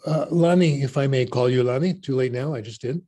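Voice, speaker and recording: Husky-voiced man answering questions. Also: mid-range voice, a little fast. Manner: opinionated and animated, with wry asides. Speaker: keynote speaker.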